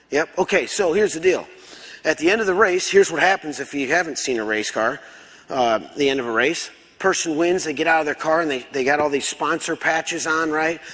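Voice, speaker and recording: A man telling a story as a conference speaker, acting out dialogue in different voices. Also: fairly high pitch. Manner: animated, acts out dialogue. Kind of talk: storytelling keynote talk. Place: large conference hall. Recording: long hall reverb.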